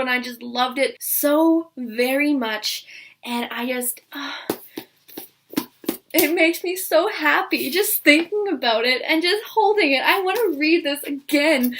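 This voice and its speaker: Young woman book vlogger, high and bright, gushing and excitable, casual chat. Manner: gushing and excitable, many repeated "I loved" and "like".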